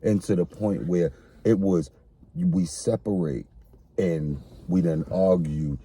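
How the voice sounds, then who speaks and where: A man's voice: low-pitched, slow, warm tone, breathy edge. A man co-hosting a casual podcast conversation, speaking earnestly and repeating phrases as he explains. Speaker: podcast co-host.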